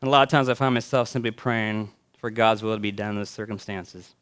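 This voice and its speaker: Smooth-voiced male pastor telling a story. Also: lowish voice, steady tone. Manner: storytelling with swells and hushed endings; reflective, with pauses and fillers. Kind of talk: sermon.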